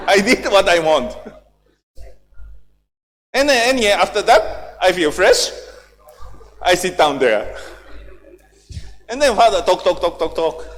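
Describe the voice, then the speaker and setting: Japanese-accented man, lively high voice. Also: in a large hall. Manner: halting broken English, laughs often while telling stories. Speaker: workshop lecturer. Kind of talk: humorous training lecture. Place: large training hall.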